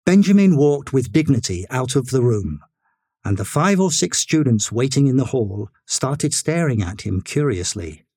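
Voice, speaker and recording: A man narrating a story in a measured, expressive reading style. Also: mid-range voice, slightly rough, no echo, clean studio sound.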